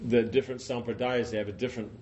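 A man's voice: mid-range voice, fairly even intonation, rapid-fire, a little mellow, a little hiss or hum, poor audio. A man teaching an informal class, rambling and conversational, often saying "you know".

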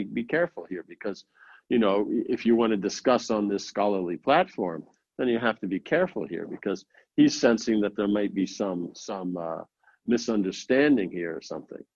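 A man's voice: fairly low pitch, no room sound. Man lecturing on scripture, rambling. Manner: rambling, many "you know" fillers, rhetorical asides. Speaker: scripture class teacher. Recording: dull, dry lo-fi audio.

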